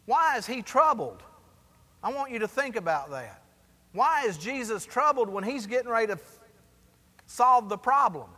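A man's voice: very high voice, sing-song, normal speed, long pauses, pushed and bright, big-room sound. A man, the pastor, preaching a sermon and asking the congregation for responses as he goes. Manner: preaching with call-and-response asides.

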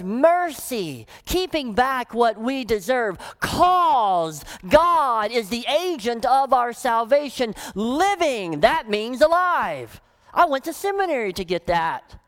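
A woman pastor delivering a sermon, her fairly high voice swooping widely as she presses each point. She leans hard on key words, then sinks into quiet, low phrases to let them land. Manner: emphatic, drops to soft low phrases for weight.

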